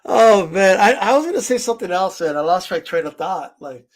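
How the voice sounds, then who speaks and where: Brief: high-voiced man, livestream host, blunt and confrontational rant. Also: animated, fairly quick. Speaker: boxing channel host.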